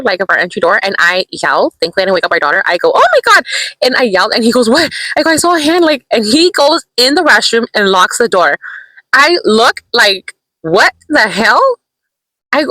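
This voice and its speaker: A bright, sharp-voiced young woman rattles off a casual storytime vlog at a quick clip. She is animated and excitable, jumping into little asides to her viewers. The sound is dry and close. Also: medium pitch, dry recording, rough recording. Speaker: vlogger. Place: in a parked car.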